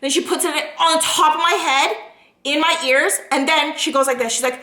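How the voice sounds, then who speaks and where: A young woman vlogger telling a story to friends in a casual, animated way, swearing freely and speeding up as she gets anxious. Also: sits high, moderate pace, reverberant, poor audio.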